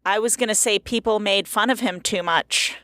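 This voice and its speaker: A woman's voice: medium pitch, moderate pace, a bit bright, no echo, studio quality. A woman co-hosting a casual podcast, chatting upbeat over a webcam call and running a game. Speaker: podcast co-host.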